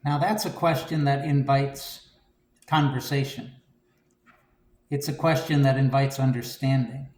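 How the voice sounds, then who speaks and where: A man giving a conversational homily, relaxed and reflective, with frequent "you know" and "um". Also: medium pitch, unhurried, long pauses, echoey room. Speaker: preacher.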